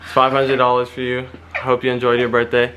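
A man's voice: medium pitch, monotone, brisk, lo-fi sound, very noisy. Playful young man vlogging a prank. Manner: playful, laughing, teasing. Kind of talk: casual prank vlog.

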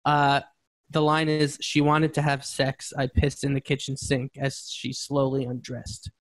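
A man's voice: medium pitch, completely flat delivery, measured pace. A young man co-hosting a podcast, chatting casually and joking with lots of laughter. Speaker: podcast co-host. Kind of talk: casual chat.

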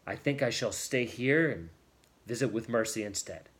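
A man reading aloud, voicing a pale, earnest young man who speaks quietly and with restraint. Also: medium pitch, expressive, normal speed, slightly rough. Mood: restrained.

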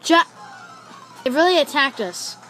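Excitable high-voiced young woman gamer. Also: unhurried, soft background music, low-quality recording. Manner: excitable, swears a lot, gasps and shouts at the game. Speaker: gaming YouTuber. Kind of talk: let's play commentary.

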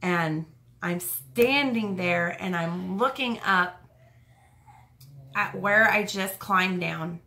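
A young woman telling a personal story in a casual, halting, emotional way, full of fillers and restarts. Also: lowish voice, creaky, sharp tone, a little hiss or hum.

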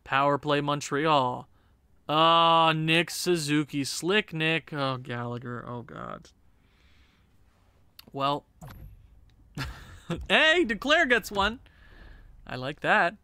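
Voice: mid-range voice, expressive, slow pace, pauses often, bright, forceful tone, clean tone, no room sound. A gaming channel host giving casual, chatty gameplay commentary and laughing at their own jokes.

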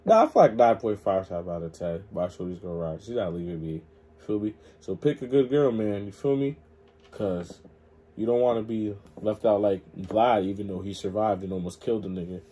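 A man's voice: on the low side, a little fast, warm tone, husky. A man hosting a reaction video, talking in casual, emphatic slang. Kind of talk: reaction commentary.

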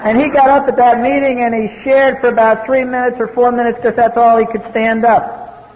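Man from the US East Coast, high voice, wry and blunt testimony speaker; dull old tape recording. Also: flat delivery, normal speed. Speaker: recovery meeting speaker. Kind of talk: personal testimony talk. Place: meeting hall. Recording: dull old cassette tape in a reverberant hall.

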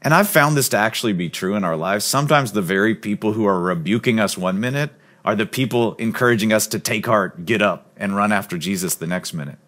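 A man preaching a sermon as pastor, earnest and emphatic, sometimes dropping to a soft, low voice. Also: a little fast. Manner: drops to a soft, low voice on key points.

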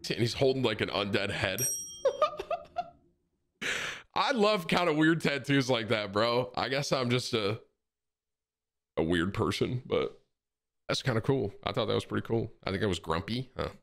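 A man's voice: mid-range voice, animated, unhurried, vocal fry, long pauses. Joking streamer man saying bro. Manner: loud, joking, says bro a lot. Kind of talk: casual live-stream chat.

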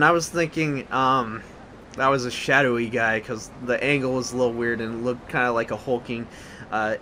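A young man hosting a blind let's play, rambling and flustered, with many restarts when he gets excited. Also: medium pitch, a little hiss or hum.

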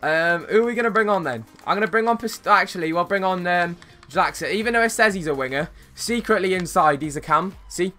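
A young man streaming a football game, chatting casually with viewers and reacting to plays with bursts of excitement. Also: high voice, brisk, few pauses, faint music behind. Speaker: gaming streamer. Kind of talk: casual live-stream chat while playing.

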